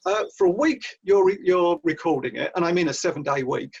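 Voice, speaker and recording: Man, gravelly husky voice, rambling animated storyteller, dull lo-fi video call audio. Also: high-pitched, fairly quick. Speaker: guest, author and audiobook narrator. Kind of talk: casual video-call conversation.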